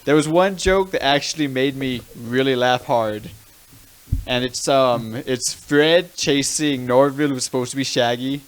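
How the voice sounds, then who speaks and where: A male podcast host in easygoing conversation. He retells scenes at an unhurried pace and sounds relaxed about it. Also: medium pitch, smooth. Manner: laid-back, retells scenes with quoted lines. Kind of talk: casual chat.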